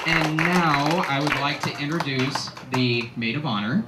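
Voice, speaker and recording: A man's voice: fairly high pitch, measured pace, hardly any pauses. A man giving a rambling, joking toast at a wedding reception, often laughing as he talks. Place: restaurant reception. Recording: echoey room with loud crowd noise.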